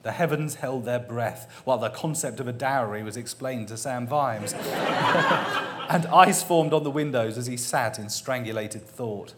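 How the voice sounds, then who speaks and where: A man's voice: mid-range voice, moderate pace, very noisy. A man reading a comic novel aloud, amused and often laughing as he reads. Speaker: reader.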